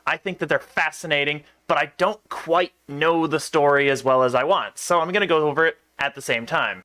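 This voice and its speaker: A man's voice: fairly high pitch, fairly quick, hardly any pauses, bright, forceful tone. A young man giving casual, sarcastic let's play commentary on a game. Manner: sarcastic, wry asides.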